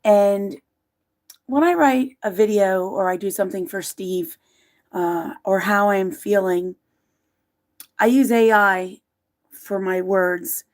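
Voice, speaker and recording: Woman on a livestream, halting and emotional, lots of pauses and restarts, reads her own notes out loud. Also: mid-range voice. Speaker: livestream host. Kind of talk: live stream talk, reading her own writing aloud.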